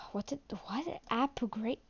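A young woman commenting on her own gameplay in a flat, self-deprecating way, muttering to herself as she plays. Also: fairly high pitch, slow, breathy edge, highs cut off. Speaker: gaming channel host.

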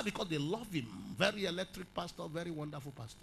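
A male pastor preaching a dramatic sermon, swinging from shouted peaks down to quiet storytelling. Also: fairly high pitch, animated, quick pace, gravelly, hardly any pauses, husky, poor audio.

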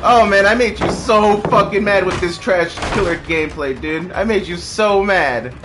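A man's voice: high-pitched, normal speed, noisy background. A young man streaming gameplay live, trash-talking and mocking with profane taunts and bursts of laughter over game music.

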